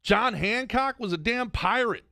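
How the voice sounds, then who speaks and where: Animated man ranting on a podcast. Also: very high-pitched, a little slow, gravelly, dry recording, studio quality. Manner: animated, swings between loud outbursts and mumbling asides. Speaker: podcast co-host. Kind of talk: casual comedic podcast rant.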